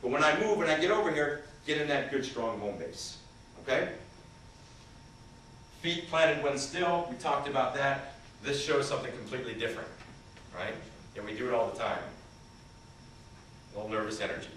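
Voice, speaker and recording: A man's voice: mid-range voice, animated, normal speed, fairly bright tone. A man who trains people in communication, giving an interactive seminar presentation and putting questions to his audience. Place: large conference hall. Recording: echoey hall, voice far from the mic, faint noise.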